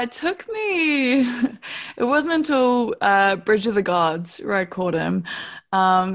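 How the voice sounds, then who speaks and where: Young New Zealand woman, podcast guest; chatty, laughs easily, gropes for names mid-sentence. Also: medium pitch. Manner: laughs often, trails off searching for words. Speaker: podcast guest, long-distance hiker. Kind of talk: casual interview chat.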